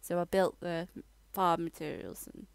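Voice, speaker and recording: A woman talks through a casual game voiceover, stopping and restarting as she points things out. Her voice is low and gravelly, with some creak. The sound is dry and close, with no room around it. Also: no echo. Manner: rambling, halting, with fillers and restarts. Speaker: gamer giving a tour.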